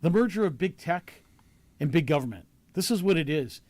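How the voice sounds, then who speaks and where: A man's voice: a little high, expressive, moderate pace, darkish tone, no echo. A man hosting a talk show, asking earnest questions with many fillers and restarts. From Canada. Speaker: show host. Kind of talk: casual talk show discussion.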